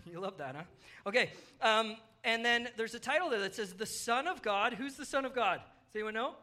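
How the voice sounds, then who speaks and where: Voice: medium pitch, animated, moderate pace, pushed and bright. A children's pastor giving a playful, upbeat children's sermon at a church service, coaxing the kids along while also addressing the adults.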